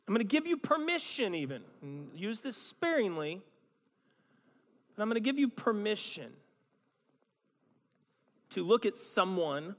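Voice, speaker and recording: Preaching in a church sanctuary that gives a long hall reverb, a pastor speaks with a fairly high, slightly bright voice. He tells stories in a conversational way and uses self-mocking humor.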